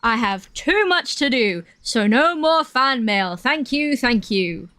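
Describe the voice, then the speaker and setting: A woman's voice: on the high side, lively intonation, slow pace, fairly bright tone, no room sound. A woman doing an impression of a famous older male musician, drawing out mock-solemn warnings.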